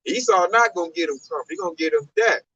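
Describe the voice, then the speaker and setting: A man explaining scripture in an emphatic, colloquial preaching style, sometimes breaking into a shout, on a dull lo-fi recording. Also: on the high side, lively intonation, fast, a little hiss or hum. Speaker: teacher expounding scripture. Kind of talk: animated street-style preaching.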